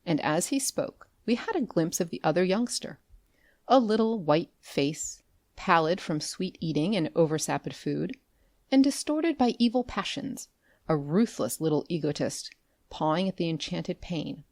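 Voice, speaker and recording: Woman narrating an audiobook, lively expressive reading, dry close mic. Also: on the low side, normal speed, dry recording. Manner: expressive storytelling. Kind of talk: scripted narration.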